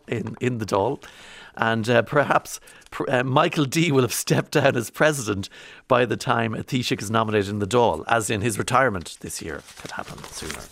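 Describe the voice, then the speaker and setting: An Irish man from County Monaghan hosting a morning radio show, chatty and rambling, swinging from bright to low. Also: dry recording. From County Monaghan, Ireland. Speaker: radio host. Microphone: studio microphone.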